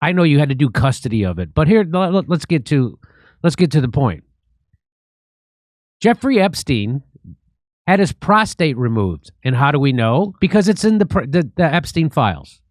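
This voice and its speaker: A man's voice: on the high side, very animated, moderate pace, dry recording. A man hosting a comedy show, delivering sarcastic, joking satirical commentary.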